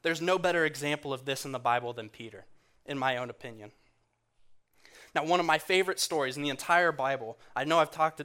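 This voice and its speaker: A man delivers a sermon in an even, mid-range voice, earnest and conversational. He drops to a soft, hushed tone for quoted lines. The setting is a church. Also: medium pitch, clear, resonant tone. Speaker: guest speaker in church.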